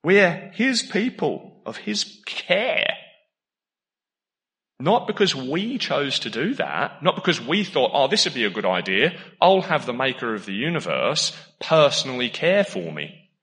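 Male preacher, lively sermon, bright forceful tone, long hall reverb. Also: normal speed. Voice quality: animated, laughs often, jumps into emphatic high bursts.

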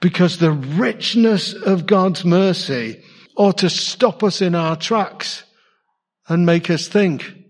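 A man's voice: sits high, lively intonation, slow pace, big-room sound. A man preaching a sermon in a church, conversational and asking his congregation questions. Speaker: pastor.

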